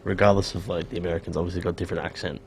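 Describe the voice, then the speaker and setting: Brief: Young Australian man, very low gravelly voice, rapid and easygoing. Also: little pitch movement, a little mellow, slight background noise. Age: young adult. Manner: quick, easygoing, matter-of-fact. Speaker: student guest. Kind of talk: casual interview chat.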